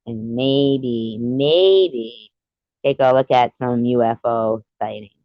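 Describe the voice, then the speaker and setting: A woman's voice: very deep voice, takes it slowly, no echo, highs cut off. A woman hosting a casual livestream, chatting with viewers and telling rambling jokes with frequent giggles. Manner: giggly, rambling joke-teller. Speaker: livestream host.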